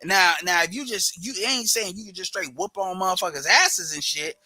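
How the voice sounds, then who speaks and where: A man's voice: high-pitched, moderate pace, sharp tone, no room sound. A man co-hosting a casual podcast chat, talking loosely with lots of swearing and restarts.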